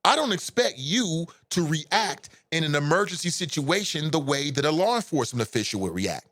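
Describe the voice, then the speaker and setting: A man's voice: on the high side, sing-song, normal speed, a bit bright. A man hosting a live show at home, giving blunt, impassioned and profane opinion commentary.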